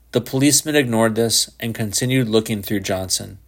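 A man narrating a literary short story in a measured, even way. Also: lowish voice. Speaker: audiobook narrator.

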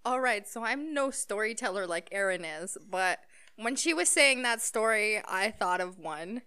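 A woman's voice: medium pitch, lively intonation, unhurried, bright, forceful tone, clean tone. A young woman chatting casually with a friend and telling a story in an easygoing way. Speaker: co-host.

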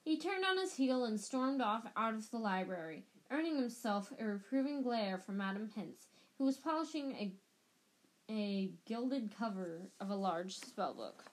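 A woman reading a novel aloud in a steady, plain storytelling manner. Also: fairly high pitch, a little slow. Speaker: reader.

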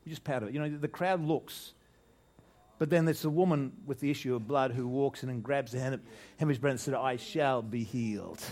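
A man's voice: mid-range voice, fairly even intonation, fast talker, a little mellow. An older man preaching a conversational sermon to his congregation, restarting phrases and asking rhetorical questions. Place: church, speaking to a congregation.

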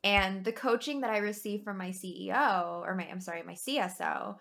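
Blunt, bright-voiced woman swearing casually. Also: mid-range voice, fairly quick, gravelly. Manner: blunt, swears freely, animated. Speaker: new manager. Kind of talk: casual chat.

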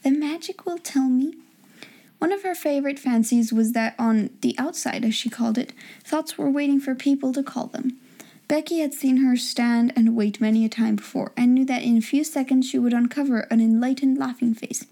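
A woman narrating a storybook in a gentle, measured reading voice. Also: fairly high pitch. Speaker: audiobook narrator.

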